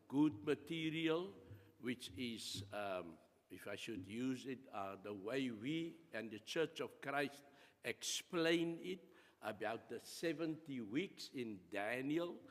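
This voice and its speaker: A man with a South African accent preaching a church sermon and leading prayer, halting with many fillers. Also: mid-range voice. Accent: South African English. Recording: long reverb of a church hall.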